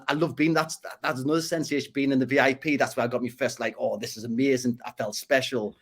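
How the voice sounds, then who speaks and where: Fast-talking Geordie man. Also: medium pitch. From Northeast England. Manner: rapid, repeats and restarts words. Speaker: podcast guest. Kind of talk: casual interview storytelling.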